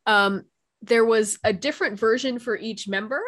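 A woman's voice: on the high side, normal speed, a bit bright. Frank, joking young woman co-host. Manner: frank and joking, casual swearing. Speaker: podcast co-host. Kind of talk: casual chat.

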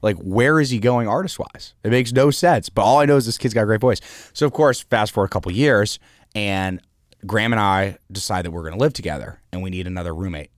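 A man guesting on a podcast, telling rambling, animated anecdotes with plenty of fillers and the odd swear. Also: fairly low pitch, quick pace, no echo, studio quality. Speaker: guest, founder of an artist house. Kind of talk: casual storytelling in an interview.

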